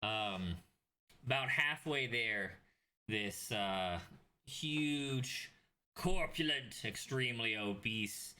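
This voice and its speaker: A man's voice: mid-range voice, very slow, sharp tone. A young man narrating as game master of a tabletop game, rambling with many fillers and restarts.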